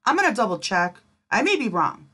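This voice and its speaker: A woman's voice: a little high, sing-song, fairly quick, fairly bright tone, husky. A woman giving sarcastic, incredulous reaction commentary on a video.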